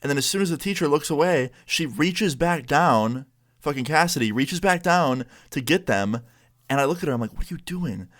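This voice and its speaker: A man's voice: on the high side, expressive, moderate pace, fairly bright tone. Casual young man telling a story. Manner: casual, profane, lots of filler words.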